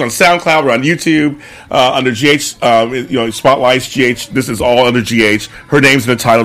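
A man's voice: mid-range voice, fairly bright tone. A man hosting a casual interview, chatty and gushing, laughing often. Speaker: host.

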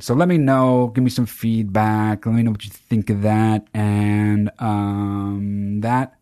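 A man hosting a casual monologue to his viewers, telling a story in a profane, excitable way with sudden loud outbursts. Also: on the low side, dry recording, clean studio sound. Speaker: channel host.

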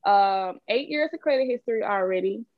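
A woman's voice: mid-range voice, animated, a little fast, no room sound. Woman explaining credit, dull sound. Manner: explanatory, advising. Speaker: credit repair advisor. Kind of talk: casual chat.

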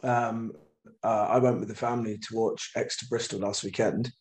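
A man's voice: lowish voice, little pitch movement, moderate pace. A man co-hosting a podcast in casual chat, wry and blunt. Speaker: podcast co-host.

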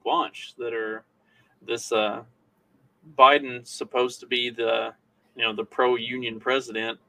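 Bright-voiced wry male co-host. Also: medium pitch, little pitch movement, slow pace, gravelly. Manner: wry, sarcastic asides. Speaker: podcast co-host. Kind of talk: casual political chat.

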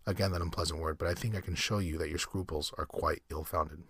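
A man with a very deep, husky voice reading the part of a cultured, cruel aristocratic general who hunts men, speaking in a suave, pleasant, mocking way. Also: fairly even intonation, quick pace, fairly bright tone, no room sound, clean studio sound. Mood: menacing.

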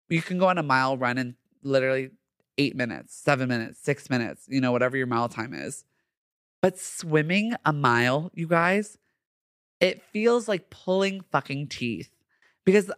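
A man's voice: a little high, no room sound, clean studio sound. A young man hosting a podcast, chatting casually and gushing with lots of slang. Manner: animated and gushing, heavy slang. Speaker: podcast host. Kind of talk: casual solo podcast chat.

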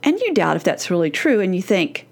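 A woman's voice: on the low side, big pitch swings, creaky. A middle-aged woman, a parenting coach, giving a scripted podcast lesson in an earnest, emphatic way. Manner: earnest and emphatic, slowing down to act out quoted teens.

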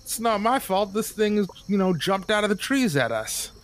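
Guy doing a pitched-up jeering mercenary, greedy and rough, talks back and forth in a tabletop game. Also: very animated, normal speed, a little hiss or hum. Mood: squabbling. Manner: jeering, laughing.

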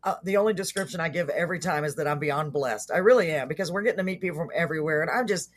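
Husky, fast-talking enthusiastic woman host. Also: low-pitched. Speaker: podcast host. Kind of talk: casual chat.

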